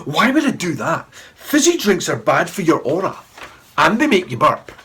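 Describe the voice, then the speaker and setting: A man voicing a flouncing, airy hippie mum in a high, sing-song voice. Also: unhurried, creaky, full character voice.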